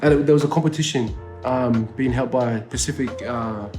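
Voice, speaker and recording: A man's voice: medium pitch, normal speed, over music. Laid-back Australian man, slangy chat. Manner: laid-back, slangy, swears freely, many fillers. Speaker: rapper interviewed as guest. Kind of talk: casual interview chat. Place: indoor studio.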